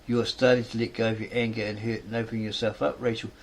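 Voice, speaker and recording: A man's voice: on the low side, flat delivery, fast talker, slight background noise. A man reading a fan story aloud, rambling and correcting himself as he goes.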